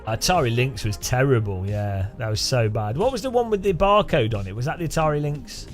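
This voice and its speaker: A man's voice: mid-range voice, expressive, a little fast, faint music behind. A man from England chatting casually with his live-stream audience, laughing often and greeting viewers by name. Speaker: game streamer.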